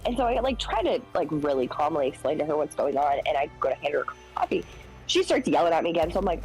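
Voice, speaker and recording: A woman's voice: low voice, fast talker, low-quality recording. A young woman streamer telling a work story in casual chat, acting out the people she quotes. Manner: animated, acts out quoted voices. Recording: music playing behind.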